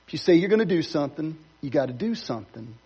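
Husky high-voiced preaching man. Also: big pitch swings, fast talker, warm tone, muffled recording. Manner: conversational preaching with playful asides. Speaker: pastor. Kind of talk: sermon. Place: church sanctuary.

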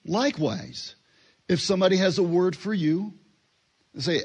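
A man's voice: high-pitched, unhurried, breathy edge. Man giving a casual Bible teaching. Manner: conversational, acts out little dialogues, fillers.

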